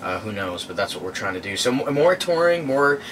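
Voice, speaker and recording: Man, bright lowish voice, loose rambling answers, slightly distant mic, faint background hum. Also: fairly quick. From born in London, raised in the US. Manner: relaxed, rambling with many fillers. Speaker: band guitarist. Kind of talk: casual interview answers.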